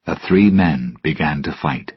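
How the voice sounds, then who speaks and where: A man narrating a storybook with a slow, careful reading manner, recorded dull and lo-fi. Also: rumbling low, husky. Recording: dull lo-fi, dry.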